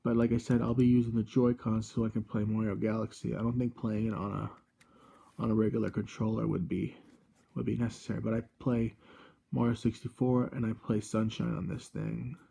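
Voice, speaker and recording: A man in his twenties hosting a casual gadget review vlog from a room at home, rambling and halting, with constant self-corrections. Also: fairly low pitch, level tone, creaky, warm tone, slightly rough. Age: 20s. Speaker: channel host.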